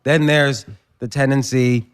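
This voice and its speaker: Male podcast host, mid-pitched, thoughtful, slow, halting phrasing. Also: steady tone, clean tone. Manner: reflective, halting, builds questions slowly. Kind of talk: conversational interview.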